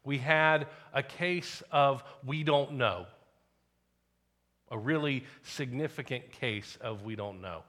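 A man preaching a sermon as the pastor, telling a personal story in a conversational way and dropping to quiet asides. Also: mid-range voice, slow pace.

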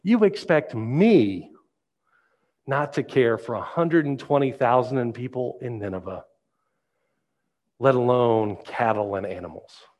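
A man's voice: mid-range voice, lively intonation, a little slow, pauses often, a little mellow, muffled recording. A man preaching, voicing God as he asks a string of reproachful questions. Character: patient, questioning God, a male voice.

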